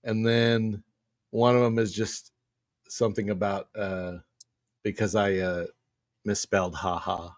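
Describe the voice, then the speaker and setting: A man's voice: lowish voice, little pitch movement, unhurried, pauses often, no echo, studio quality. A man co-hosting a podcast, telling stories in an easygoing, casual way. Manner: laughing often, storytelling, easygoing. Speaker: podcast co-host. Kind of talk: casual chat.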